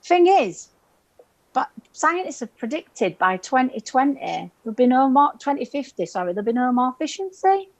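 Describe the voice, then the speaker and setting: A woman's voice: high-pitched, big pitch swings, normal speed, rough recording. A woman in her forties from the UK doing a stand-up set over a video call, chatty and self-mocking, laughing at her own jokes. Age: 40s. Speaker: stand-up comedian.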